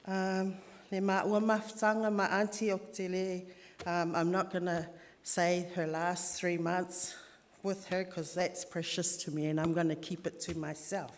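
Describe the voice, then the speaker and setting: A woman giving an emotional funeral eulogy, pausing and switching between Samoan and English. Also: on the low side, little pitch movement. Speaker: family member giving a eulogy. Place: church hall. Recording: long echo of a large church hall.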